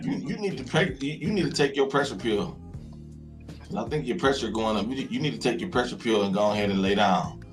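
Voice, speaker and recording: A man's voice: lowish voice, lively intonation, fairly quick, music in the background. A man in his thirties on a live call, firing back mocking comebacks with stammered restarts. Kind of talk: heated trash-talk argument on a live stream.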